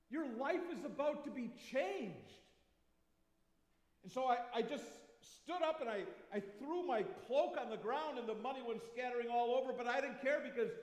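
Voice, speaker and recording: High-voiced preacher in an echoing church. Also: male voice. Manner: storytelling with dramatic pauses and swings in loudness. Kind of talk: first-person dramatic sermon monologue. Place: church sanctuary. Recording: echoey church with long reverb.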